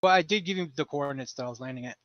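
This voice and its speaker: A man's voice: on the high side, rapid-fire, a bit bright, no echo, lo-fi sound. A man playing in a tabletop role-playing game, joking around and laughing often. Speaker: player. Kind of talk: casual tabletop play.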